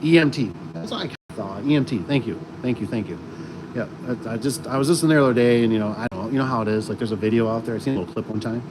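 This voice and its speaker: Speaking very fast, a man who installs garage doors runs a casual livestream, rambling, doubling back, and using fillers and restarts. His pitch sits mid-range, and a humming air conditioner plus passing vehicles make the whole recording noisy.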